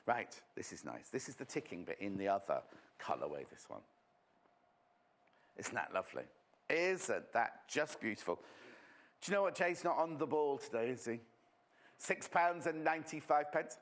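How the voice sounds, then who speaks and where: Chatty, lively TV presenter man. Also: mid-range voice, normal speed, long pauses. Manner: chatty, gossipy, teasing the crew. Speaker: shopping channel presenter. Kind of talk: live TV sewing demonstration. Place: TV studio.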